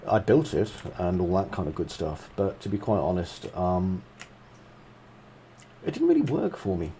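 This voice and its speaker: Casual, chatty game developer with a low voice and faint background noise. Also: male voice, very animated, moderate pace, mellow, low-quality recording. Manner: chatty and self-mocking, with frequent asides. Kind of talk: casual gameplay commentary.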